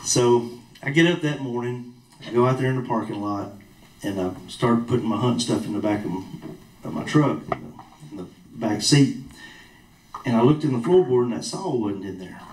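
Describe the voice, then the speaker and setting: A man's voice: medium pitch, normal speed, darkish tone. A man preaching a sermon in a church hall, telling a personal story in a folksy, plain-spoken way. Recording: roomy echo from a distant mic.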